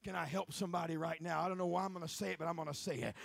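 A male preacher giving a sermon in a church, swinging from hushed lines to shouted, rhythmic repetition. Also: a little high, fairly even intonation, very fast, creaky, hardly any pauses.

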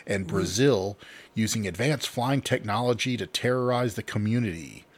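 A man's voice: on the low side, moderate pace, husky. A man co-hosting a casual podcast, reading news quotes aloud and laughing at his own slips. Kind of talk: casual chat.

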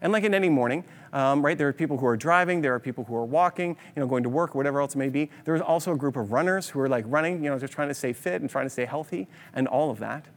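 A man preaching a sermon, telling a story with lively rhetorical questions. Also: a little high, racing, hardly any pauses. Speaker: pastor. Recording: long hall reverb.

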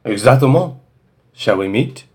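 A man's voice: mid-range voice, lively intonation, measured pace, darkish tone, breathy edge. A man doing a mysterious Frenchman with a heavy French accent. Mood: amused. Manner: heavy put-on accent, chuckling. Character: mysterious laughing Frenchman on the phone. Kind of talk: comedic dramatic reading.

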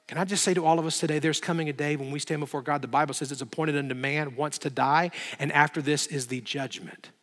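Bright-voiced emphatic preacher man. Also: a little high, steady tone, fast, few pauses, in a large hall. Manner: emphatic, building intensity, dramatic retelling. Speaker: pastor. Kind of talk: sermon.

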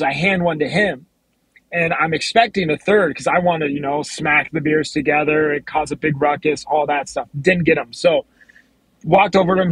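Husky-voiced man telling an easygoing story. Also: on the high side, fairly bright tone, no echo, poor audio. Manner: easygoing, laughs along. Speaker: guest, martial arts competitor. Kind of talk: casual storytelling.

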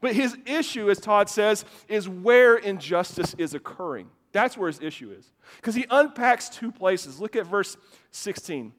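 Preaching to his congregation in a church, a pastor speaks in a high-sitting, expressive, fairly bright voice at a measured pace. He weaves personal stories into the sermon and often repeats words at the start of phrases, with long hall reverb on the recording.

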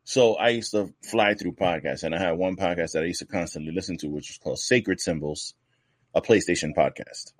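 A man hosts a casual podcast in a low, deep voice. He rambles loosely through banter and swears freely. The sound is very dry and close, with no room behind him. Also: brisk, no echo. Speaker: podcast co-host.

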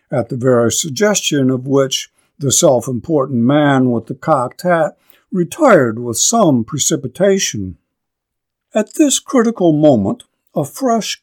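A man lecturing on literature, reading a classic story aloud slowly and deliberately, then commenting on it. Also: mid-range voice, darkish tone.

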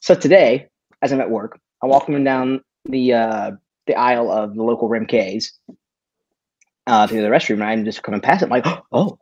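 A man co-hosting a casual online show. He tells stories in an animated way and swears a lot. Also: mid-range voice, normal speed, no room sound, dull audio. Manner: profane, animated storytelling. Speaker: podcast co-host. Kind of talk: casual chat.

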